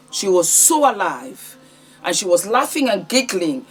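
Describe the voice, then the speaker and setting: A woman's voice: medium pitch, very animated, measured pace, faint music behind. A woman vlogger giving heartfelt, conversational commentary on celebrity news.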